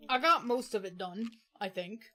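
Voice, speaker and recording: A woman's voice: medium pitch, moderate pace. A woman streamer chatting playfully through a game, swearing and laughing as she answers her chat. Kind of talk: casual let's-play commentary. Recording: game music playing behind.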